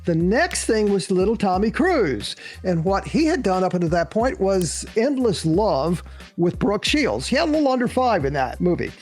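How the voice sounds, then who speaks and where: An older man telling lively stories as a podcast guest, acting out the people he quotes and laughing along. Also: high-pitched, normal speed. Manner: lively storyteller who acts out quoted voices and laughs often. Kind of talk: animated anecdote telling.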